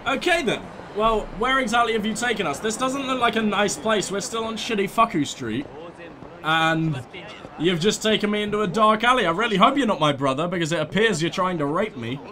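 A man's voice: high-pitched, a little fast, a crowd in the background. A man hosting a let's play, joking through the game and reading the subtitles aloud in silly voices. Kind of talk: gameplay commentary. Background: game music.

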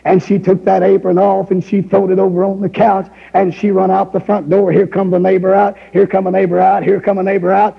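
Man preaching hard, folksy story, shouts a lot, super gravelly voice, old muffled hall recording. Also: sits high, level tone, a little fast, few pauses. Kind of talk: fiery revival sermon. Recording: lo-fi recording with long hall reverb.

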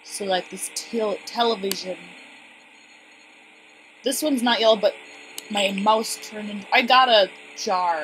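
A woman giving casual, excitable commentary on a game she is playing, chatting to her viewers. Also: mid-range voice, measured pace, pauses often, poor audio. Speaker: let's play gamer. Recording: steady background noise.

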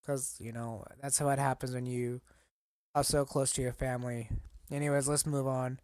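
A man in a casual collecting vlog, talking haltingly and getting choked up, rambling with many fillers. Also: medium pitch, little pitch movement, darkish tone, no room sound, clean studio sound. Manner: halting, emotional, choked up at times. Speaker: collector vlogger.

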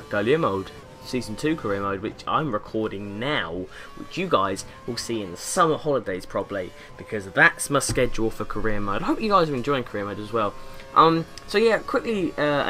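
Rambling young man with a bright voice. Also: medium pitch. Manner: rambling, jokey, slips into silly accents. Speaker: gaming YouTuber. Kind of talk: casual gameplay commentary. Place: bedroom with window open.

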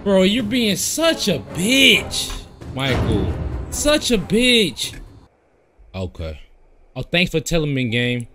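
A young man playing a horror game and commenting, often yelling and swearing at the game. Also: fairly high pitch, huge pitch swings, slow, soft background music. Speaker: gaming streamer. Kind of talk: gameplay commentary.

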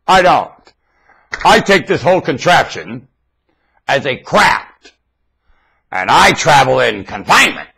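A man with a husky, bright-edged voice rambles into his webcam, his pitch leaping all over the place. He talks slowly and draws out his words, going from low mutters to excited outbursts. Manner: theatrical, erratic, swings from mutters to excited shouts. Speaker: self-styled webcam broadcaster.

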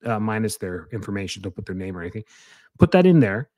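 A man's voice: fairly low pitch, very animated, quick pace, mellow, dry recording, dull audio. A man hosting a podcast as a chiropractor, talking casually and energetically, rambling with restarts and fillers.

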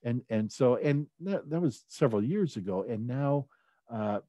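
A man's voice: mid-range voice, animated, moderate pace, dark tone, dry recording. A middle-aged man telling a personal story in a conversational way, with many fillers and restarts. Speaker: speaker at a leadership talk.

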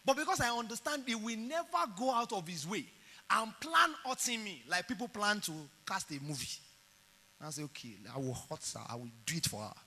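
Bright, high-voiced Nigerian preacher. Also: male voice, big-room sound. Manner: animated storytelling, acts out dialogue. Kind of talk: sermon.

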